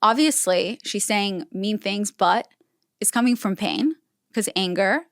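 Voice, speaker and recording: A woman's voice: mid-range voice, unhurried, no room sound, clean studio sound. A young adult woman, a podcast guest, telling personal stories in casual chat and acting out the dialogue. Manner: storytelling, acting out quoted dialogue.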